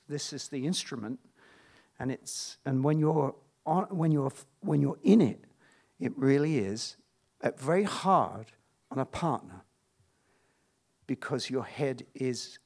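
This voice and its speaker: A man's voice: mid-range voice, darkish tone. A middle-aged man, an actor, chatting candidly at a screening Q&A, with a stop-start manner full of restarts. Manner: halting, stop-start, self-interrupting. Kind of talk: candid anecdotal chat.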